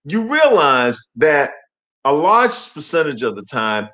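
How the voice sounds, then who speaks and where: A man's voice: fairly high pitch, very animated, slow pace, pushed and bright. A male co-host in casual comedic chat who rambles and keeps repeating himself.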